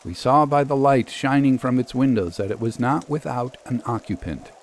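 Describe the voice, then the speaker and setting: A man narrating a literary story in the first person, measured and storytelling. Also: mid-range voice, slight background noise. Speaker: reader.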